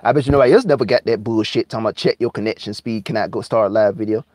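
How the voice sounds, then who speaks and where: A man ranting angrily and profanely on his live stream, repeating himself and sometimes drawling words out slowly. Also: on the low side, fairly even intonation, a little mellow, no room sound, studio quality. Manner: heated, profane, repetitive, drawling slowdowns. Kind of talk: angry conspiracy rant on a live stream.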